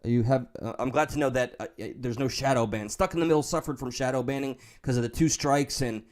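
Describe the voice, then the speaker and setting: A man's voice: mid-range voice, fast, darkish tone. Man, New York accent, casual livestream chat, profane, rambling, candid. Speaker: livestream host reading chat.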